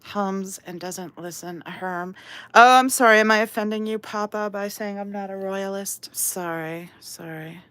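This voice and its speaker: A woman's voice: mid-range voice, steady tone, a little slow, few pauses, a bit bright, clear, resonant tone, no echo. A woman hosting a casual live stream while painting, chatty and self-deprecating, reading chat aloud. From outside England. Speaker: livestream host.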